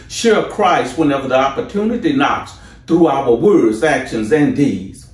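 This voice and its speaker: A man preaching a sermon as pastor, slow and deliberate with rising emphasis. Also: medium pitch, animated, echoey room, recorded from a distance.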